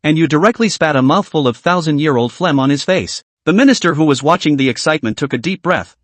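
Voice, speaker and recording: A man narrating a story recap in the second person, brisk and dramatic. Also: a little high, lively intonation, no room sound.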